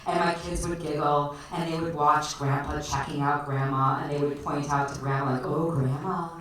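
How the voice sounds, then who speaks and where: A woman's voice: deep voice, flat delivery, moderate pace, fairly bright tone. A woman from the Chicago area telling a personal story on stage at a storytelling night, chatty and laughing often, with lots of fillers. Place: storytelling night at a bar venue. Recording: echoey live room, distant mic, faint noise.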